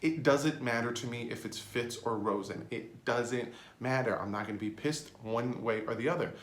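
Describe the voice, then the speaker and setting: Man vlogging, roomy echo. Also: normal speed. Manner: joking, sarcastic asides with sudden pitch jumps. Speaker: sports vlogger. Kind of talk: casual fan commentary.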